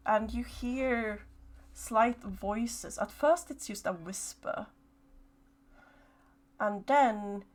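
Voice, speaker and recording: A woman narrating a horror tabletop game as game master, slow and hesitant with many fillers. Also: a little high.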